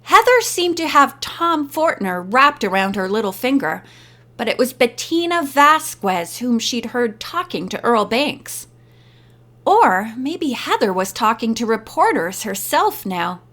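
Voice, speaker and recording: A woman narrating a teen mystery audiobook in a measured reading. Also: on the high side, very animated, a bit bright. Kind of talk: scripted narration.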